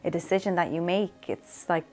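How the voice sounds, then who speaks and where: A woman's voice: lowish voice, fairly even intonation, normal speed, darkish tone, faint music behind. A woman giving a personal testimony in an interview, chatty and full of "like". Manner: chatty, peppered with "like", acts out quotes. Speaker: interviewee sharing faith testimony.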